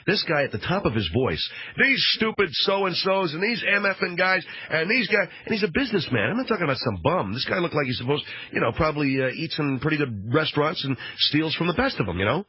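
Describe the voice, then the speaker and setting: A man's voice: medium pitch, husky, no echo. Wry, sardonic radio host man. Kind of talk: comic storytelling monologue. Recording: dull lo-fi radio sound.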